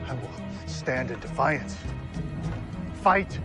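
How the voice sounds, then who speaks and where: A man's voice: mid-range voice, lively intonation, takes it slowly. An actor playing a defiant man who stands his ground, speaking in a declamatory way in a TV drama scene. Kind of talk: TV drama acting. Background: music score.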